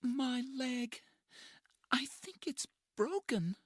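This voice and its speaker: A man voicing a young woman, hurt and scared, storybook, high pleading voice, slightly distant, dry sound. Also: lively intonation, drawn-out words, a bit bright, husky, dry recording, heavily acted. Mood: frightened. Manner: pleading, breathless cries. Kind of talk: storybook reading.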